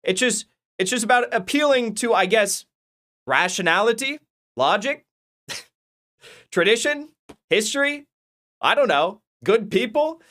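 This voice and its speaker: Fired-up, rambling man with a higher voice. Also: animated, unhurried, pauses often, pushed and bright. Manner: rambling, heated, profane, many restarts. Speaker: political commentary channel host. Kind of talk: casual ranting commentary.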